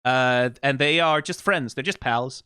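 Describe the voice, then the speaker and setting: A man hosting an anime reaction, talking in casual, animated commentary, often asking "right?" and laughing. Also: mid-range voice, a little slow, clear, resonant tone, no room sound, clean studio sound.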